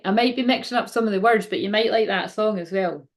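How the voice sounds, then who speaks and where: A chatty woman hosts a live tarot reading, talking straight to her viewers. She rambles warmly between cards, laughs easily and drops the odd swear word. Her voice sits at an ordinary middle pitch for a woman. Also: quick pace, hardly any pauses. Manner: chatty, laughs often, swears casually, reads viewer comments aloud. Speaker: tarot card reader and livestream host. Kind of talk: casual live-stream card reading.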